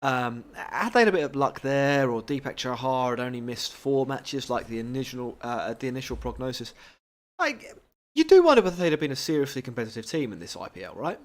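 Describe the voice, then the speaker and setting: A man's voice: mid-range voice, very animated, brisk. A man co-hosting a podcast in casual chat, talking freely, poking fun at himself and steering the talk with questions. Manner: chatty, self-deprecating, leads the conversation with questions. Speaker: podcast co-host.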